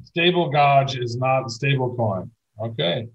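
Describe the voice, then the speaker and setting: A middle-aged man with a husky, slightly rough voice, co-hosting a casual podcast. He rambles on enthusiastically and swears playfully now and then. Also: medium pitch, measured pace, highs cut off. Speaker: podcast co-host.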